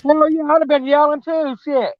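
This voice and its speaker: A woman's voice: high voice, fairly even intonation, moderate pace, dry recording, narrow, tinny audio, faint music behind. A mother chatting casually about her children, rambling, swearing freely and often tossing in "man". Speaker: mother telling personal stories. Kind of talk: casual storytelling chat.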